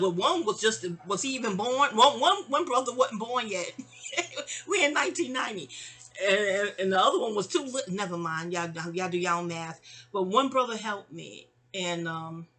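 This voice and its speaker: Bright-voiced, rambling New woman. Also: medium pitch. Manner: animated, rambling, digressive, sassy. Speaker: storyteller. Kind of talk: casual storytime monologue.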